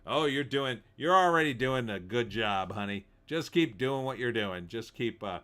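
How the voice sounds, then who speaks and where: In casual live-stream commentary, a middle-aged host reads his chat aloud and mocks it, putting on silly voices and laughing sarcastically. His medium-pitched voice is pushed and bright, with lively intonation at a moderate pace.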